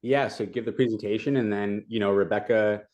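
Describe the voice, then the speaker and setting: Animated man telling a story. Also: fairly low pitch, fairly quick, lo-fi sound. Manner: animated retelling, many fillers. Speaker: community advocate. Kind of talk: casual storytelling.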